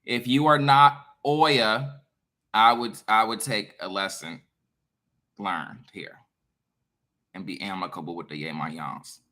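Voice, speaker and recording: Bright-voiced man lecturing his viewers. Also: lowish voice, slow, long pauses. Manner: emphatic, profane and lecturing; animated, swings between loud and quiet. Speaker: online creator. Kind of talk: casual monologue to viewers.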